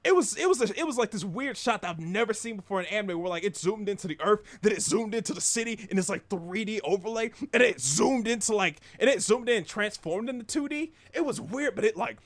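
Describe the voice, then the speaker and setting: A man's voice: high voice, animated, brisk, few pauses. Rambling young man reviewing an anime. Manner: rambling, many fillers and restarts. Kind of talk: casual spoken review.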